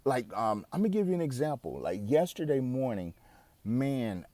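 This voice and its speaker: A man's voice: mid-range voice, sing-song, moderate pace, warm tone, no echo. A man in his forties giving a candid, conversational self-help talk that is laced with swearing. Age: 40s. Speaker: podcast host. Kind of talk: casual self-help monologue.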